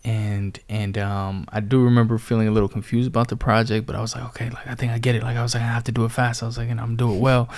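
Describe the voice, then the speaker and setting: A man's voice: medium pitch, little pitch movement, quick pace, few pauses. A young man telling his life story casually, full of "like" and quoted asides. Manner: chatty, lots of "like" and "I was like" quotes. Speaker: testimony speaker.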